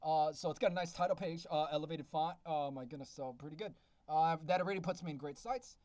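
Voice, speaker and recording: An excitable man out of breath, hosting a casual vlog where he beta-reads a manuscript and exclaims often. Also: on the high side, fast, no echo. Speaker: beta reader and self-published author. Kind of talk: casual reading review vlog.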